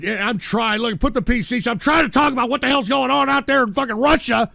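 A man with a high, gravelly voice hosts a live radio stream in a full-blown rant. He curses, stammers and flips between muttered grumbling and furious shouting at trolls. His voice is bright and edgy, heard dry and close on the mic. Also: a little fast, hardly any pauses, no echo. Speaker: talk radio host.

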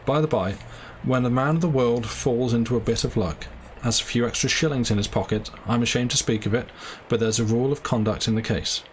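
A man playing a worldly, cynical male doctor who talks calmly and persuasively, lecturing and coaxing. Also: medium pitch, brisk, hardly any pauses, a little hiss or hum, natural voice.

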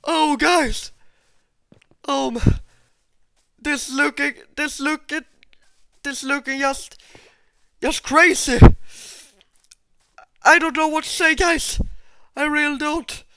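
A gameplay video host commenting on their play, excitable, repeating exclamations and talking straight to viewers. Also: high voice, slow, long pauses, dry recording, clean studio sound.

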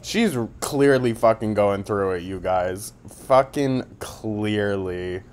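A man's voice: lowish voice, slow pace, darkish tone, clear, resonant tone, faint music behind. A man giving a sarcastic, mocking commentary, with plenty of swearing. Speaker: commentary YouTuber. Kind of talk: commentary vlog.

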